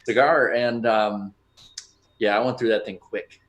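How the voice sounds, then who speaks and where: A man's voice: fairly low pitch, fairly even intonation, a little slow, fairly bright tone, dull audio. A young man hosting a podcast, telling stories in casual chat with lots of restarts and fillers. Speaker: podcast host.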